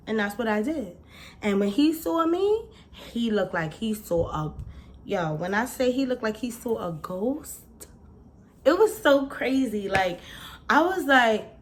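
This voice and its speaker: A young adult woman vlogger tells a story straight to camera, animated and slangy, peppering it with "like" and "y'all". Her voice sits a little on the high side. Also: normal speed. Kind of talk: casual storytime vlog.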